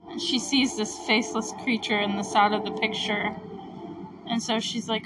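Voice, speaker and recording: A woman's voice: mid-range voice, normal speed, background noise. A young woman hosting a podcast, chatting casually and giggling as she retells scenes and quotes the characters' lines. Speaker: podcast host recapping a TV episode. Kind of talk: casual chat.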